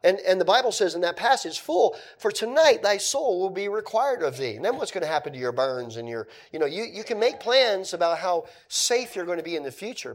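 A male pastor preaching a sermon in a conversational way, moving between emphatic points and quiet asides. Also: fairly high pitch.

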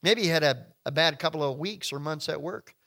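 A male preacher delivering an impassioned sermon, swinging between hushed and loud, calling his listeners folks and friends. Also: a little high, brisk, gravelly.

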